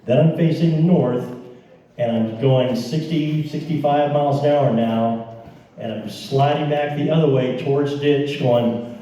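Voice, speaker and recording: A man's voice: medium pitch, measured pace, dark tone, lo-fi sound. A man telling an audience a dramatic personal story, acting out the dialogue and talking straight to the listeners. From American Midwest. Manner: dramatic retelling with quoted dialogue and asides. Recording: echoey room, voice from far off.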